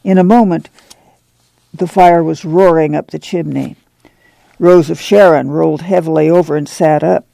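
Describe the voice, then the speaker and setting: A man narrating an audiobook in a measured, even storytelling manner. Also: a little high, creaky, no echo.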